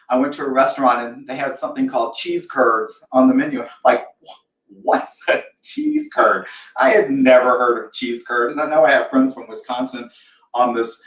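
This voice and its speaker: A man's voice: mid-range voice, far from the mic. Chatty man from the South in a roomy kitchen. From American South. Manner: chatty, self-deprecating, acts out imagined reactions. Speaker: host of a live cooking show. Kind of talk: casual live cooking demo.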